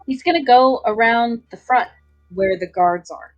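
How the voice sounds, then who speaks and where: Slow-talking hesitant woman player. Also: fairly high pitch, muffled recording, faint music behind. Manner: hesitant, many ums and likes. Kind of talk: playing a tabletop game.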